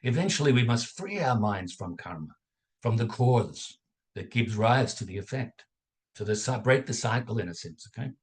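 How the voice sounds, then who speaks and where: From a home setup on a video call, a dharma teacher with a mid-range voice leads a guided contemplation lesson. He is calm and measured, pausing between phrases and checking in with "okay?", and is heard through a video call mic.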